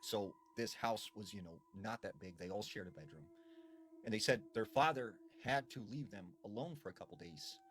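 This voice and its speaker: A man with a low voice telling a spooky legend, his delivery hushed and dramatic, peppered with casual fillers. A faint hum of ambience sits behind him. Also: animated, normal speed. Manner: hushed, dramatic, lots of "you know". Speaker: storyteller. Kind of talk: spooky storytelling.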